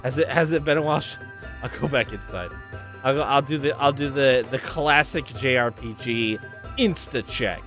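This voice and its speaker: A man's voice: medium pitch, normal speed, fairly bright tone, faint music behind. A man streaming a playthrough of a game, talking casually with profanity and wry exasperation.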